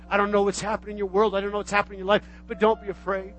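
A man with a strikingly high voice preaches a sermon as a pastor. He repeats phrases in a call-and-response way and swings from loud, shouted exhortation to quiet, intimate speech. Faint music plays underneath. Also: flat delivery, very fast, few pauses, muffled recording.

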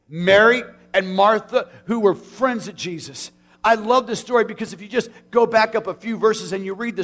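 A man with a notably high voice leads a funeral service as pastor, moving between scripture and prayer. He speaks earnestly and from the heart, his phrases sometimes catching and starting over. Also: a bit bright. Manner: earnest, heartfelt, with halting restarts.

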